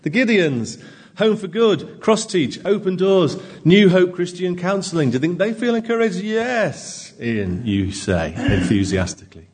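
A man's voice: high-pitched, big pitch swings, moderate pace, a little mellow, a little hiss or hum. A man preaching a conversational sermon in a church, asking his congregation frequent rhetorical questions. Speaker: pastor.

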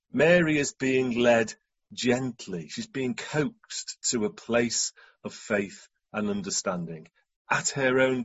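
Husky, lively-voiced male preacher. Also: mid-range voice, highs cut off. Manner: reflective, asks rhetorical questions. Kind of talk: sermon.

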